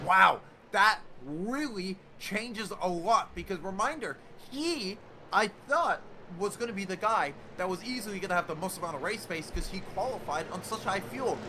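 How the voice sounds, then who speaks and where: A man giving excitable play-by-play commentary on a sim racing league, with quick bursts of excitement. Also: high-pitched, a little hiss or hum. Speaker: race commentator.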